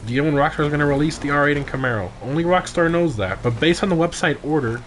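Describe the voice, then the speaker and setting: A man hosting a casual gaming livestream, reacting loudly to races and chatting with viewers; he sounds tired. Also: fairly high pitch, quick pace, a little hiss or hum. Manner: excitable, frequent exclamations during races. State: tired, yawning. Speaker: livestream host of game car meets.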